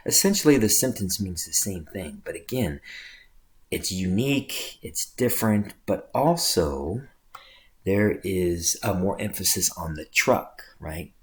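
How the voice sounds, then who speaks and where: Low-voiced man teaching a writing lesson. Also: lively intonation, measured pace. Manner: explanatory, checks in with "right?". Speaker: English teacher. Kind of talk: recorded lecture.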